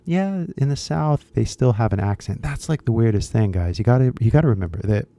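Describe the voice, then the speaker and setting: A man's voice: mid-range voice, animated, brisk, warm tone. A man with a Californian accent, talking bluntly and rambling to viewers of his English-teaching channel, mixing in some Japanese. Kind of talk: casual talk to viewers.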